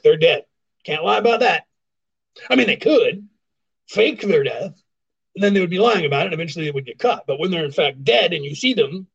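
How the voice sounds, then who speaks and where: Sarcastic guy ranting on his phone stream, high voice, muffled lo-fi sound. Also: breathy edge. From California, US. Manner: ranting, sarcastic, repeats points for emphasis. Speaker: livestream show host. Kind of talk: casual ranting commentary.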